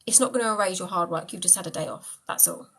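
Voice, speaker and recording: This is a woman hosting a live stream where she answers viewers' questions about manifesting. Her voice is bright and forward, and she talks in a loose, chatty way, addressing commenters affectionately as she goes. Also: lowish voice, quick pace, slightly rough, poor audio. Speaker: manifestation coach. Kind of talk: casual live-stream chat.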